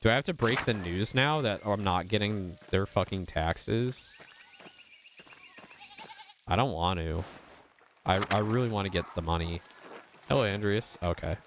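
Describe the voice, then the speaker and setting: Young male streamer, casual commentary with laughs, slightly low voice. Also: a little slow, pauses often, background noise. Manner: playful, chuckling asides. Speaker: game streamer. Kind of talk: casual playthrough commentary, reading dialogue aloud.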